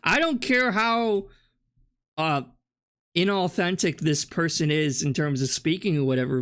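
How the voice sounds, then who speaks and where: A man with a notably high voice mocks the clip he is reacting to. His sarcastic, combative commentary is laced with swearing. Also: fairly bright tone. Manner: mocking, combative, swears a lot. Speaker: reaction channel host.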